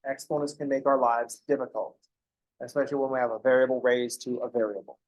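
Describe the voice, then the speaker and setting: A man's voice: mid-range voice, steady tone, quick pace. A man teaching a math class, explaining step by step and breaking off into joking asides. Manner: joking asides, self-interrupting. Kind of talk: classroom lecture.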